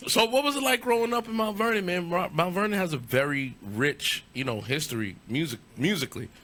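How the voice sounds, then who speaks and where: A man from New York hosts a relaxed studio interview with plenty of joking banter. His voice is bright and sits a little high, and it swings widely up and down as he talks. A faint hiss runs underneath. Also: a little fast. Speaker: interview host. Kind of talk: casual studio interview chat.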